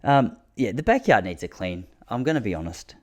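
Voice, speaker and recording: A man's voice: lowish voice, very animated, fairly quick, darkish tone. A man in his thirties with an Australian accent, hosting a podcast in a rambling, casual solo monologue full of slang. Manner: rambling storytelling with slang and restarts. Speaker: podcast host.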